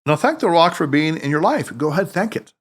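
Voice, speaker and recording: A man's voice: very animated, fairly quick. A man voicing a wise, playful older male mentor who teases and speaks emphatically. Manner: emphatic, teasing, booming laughter.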